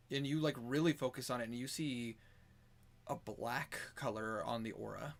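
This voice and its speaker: A man narrating as game master in a tabletop game played over voice chat, describing scenes with quick asides. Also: medium pitch, vocal fry.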